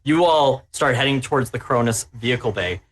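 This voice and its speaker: A man's voice: mid-range voice, animated, brisk. A man running a tabletop horror game as game master, narrating with obvious glee at the players' danger. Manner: gleeful, relishing the players' peril.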